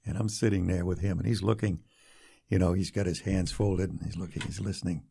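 An older man, a radio broadcaster recalling his early career in an unhurried, anecdotal interview manner. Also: low-pitched, steady tone, gravelly, breathy edge. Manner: warm anecdotal storytelling, drops quietly for quoted lines. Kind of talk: storytelling interview.

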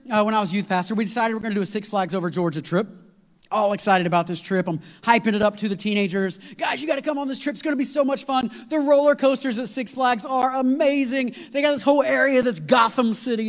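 A man preaching a sermon, telling a long story in an animated, rambling way with many fillers and restarts. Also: sits high. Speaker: pastor. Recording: long hall reverb.

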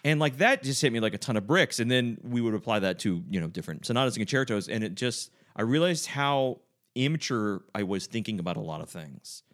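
Lively male saxophone podcast host. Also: medium pitch, a little fast. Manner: animated, scats musical lines, tangents. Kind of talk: casual interview chat.

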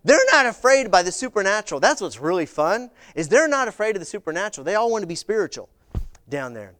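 A middle-aged man preaching a sermon, telling stories in an animated way and acting out the voices of people he quotes. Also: high-pitched, quick pace. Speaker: visiting pastor.

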